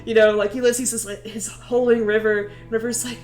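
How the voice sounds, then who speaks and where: A young woman streamer retelling game lore in a casual, animated way, swearing and often breaking into laughter. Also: on the high side, moderate pace, hardly any pauses, roomy sound, faint music behind.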